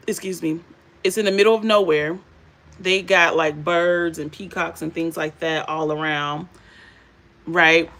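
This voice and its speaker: Animated woman telling a story. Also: on the low side. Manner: animated, laughing, addresses viewers as y'all. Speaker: beauty and faith vlogger. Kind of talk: casual storytelling chat.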